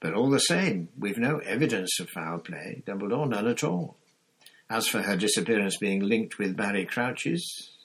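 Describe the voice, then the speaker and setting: A man's voice: lowish voice, lively intonation, normal speed, a bit bright, husky, heavily acted, poor audio. A man voicing a fussy, defensive middle-aged male minister in an audiobook reading. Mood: blustering. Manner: insistent, defensive, impatient.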